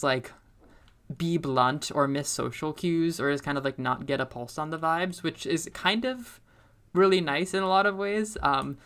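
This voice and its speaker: A young woman chats casually while she plays a game, her low voice drifting from one topic to the next. She laughs often, and her volume jumps whenever something excites her. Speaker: streamer and middle school teacher.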